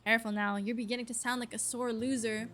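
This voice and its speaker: A woman reading a sly witch protagonist's lines in a flattering, prying tone. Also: on the high side, quick pace, a little hiss or hum, natural voice.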